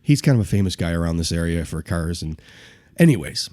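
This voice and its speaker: A man's voice: sits low, fairly quick. A man telling a story on a podcast, with lots of laughter, acting out the people in it. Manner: lively, acts out voices in quotes, laughs often. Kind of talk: animated storytelling.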